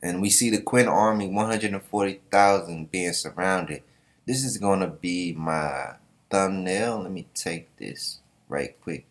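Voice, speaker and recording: A man's voice: sits low, unhurried. A man casually reacting to a comic chapter, joking and swearing as he reads panels aloud. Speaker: manga reaction host.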